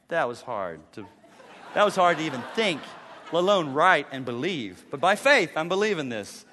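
A middle-aged male pastor preaches in a conversational way, often voicing his own inner thoughts. His voice sits high and bright. The sound carries a long reverb from a large church hall. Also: slight background noise. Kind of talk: sermon.

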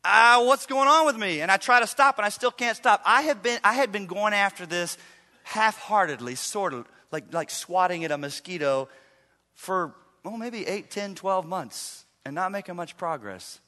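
A middle-aged man preaching a sermon as a pastor, telling a story with animated acted-out quotes. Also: high-pitched, moderate pace. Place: church sanctuary. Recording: reverberant live church hall.

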